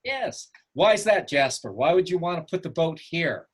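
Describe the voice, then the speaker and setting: A man's voice: on the high side, lively intonation, normal speed, slightly rough. A man teaching a photography class over a video call, asking the students questions and encouraging them.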